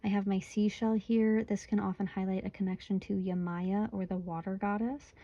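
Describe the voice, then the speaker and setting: A woman's voice: mid-range voice, little pitch movement, moderate pace, mellow, no echo, muffled recording. Chatty young woman reading tarot. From Michigan, USA. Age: 20s. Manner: chatty, giggly, often breaks into laughter. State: sleepy, yawning. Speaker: tarot reader.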